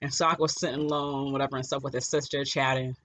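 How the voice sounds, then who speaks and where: A podcast co-host in a casual chat, talking in an animated, rambling way with many fillers and quick laughs. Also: mid-range voice.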